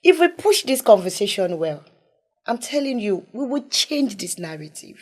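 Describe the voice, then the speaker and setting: A woman's voice: medium pitch, big pitch swings, normal speed. Earnest woman on mental health. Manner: earnest, emphatic, drops to soft tones. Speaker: guest, mental health advocate. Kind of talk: conversational interview.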